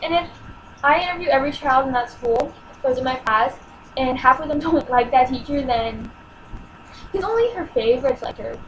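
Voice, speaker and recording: A woman's voice: sits high, lively intonation, normal speed, a little hiss or hum, rough recording. A teenage girl telling a personal story in a home vlog, exasperated and emotional as she acts out what people said. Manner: emotional, exasperated retelling with acted-out quotes.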